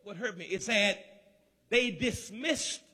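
A man from Georgia preaching a sermon, rhythmic and shouting, with call-and-response to the crowd. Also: sits high, takes it slowly, husky. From Georgia, USA.

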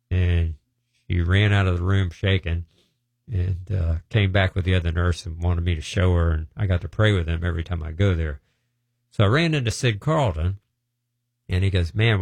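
A man's voice: low voice, gravelly, a little mellow, no echo. A middle-aged man, telling healing testimonies in a rambling, informal way. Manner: rambling storytelling with restarts. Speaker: preacher sharing healing testimonies.

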